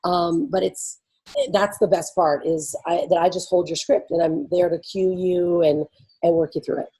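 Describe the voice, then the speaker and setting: Woman, husky voice, bubbly host, chatty, lots of fillers. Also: fairly low pitch, steady tone, normal speed, warm tone, rough recording. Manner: bubbly, laughs often, lots of "like" and "you know". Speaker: event host. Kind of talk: casual explanatory talk to attendees.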